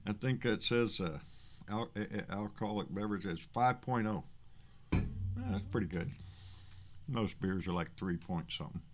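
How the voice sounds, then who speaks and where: A man with a Texan accent hosts a casual political livestream, reading chat comments out loud in a fairly low voice at normal speed with long pauses. He rambles, swears freely and stammers over repeated words, and there's slight background noise.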